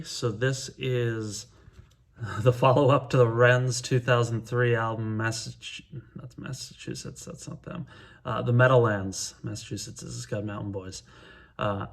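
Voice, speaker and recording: A middle-aged man with a medium-pitched voice, chatting to camera about music he loves. He is relaxed and enthusiastic, and often pauses to hesitate as he speaks. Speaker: music vlogger. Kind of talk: casual talk to camera counting down favorite records.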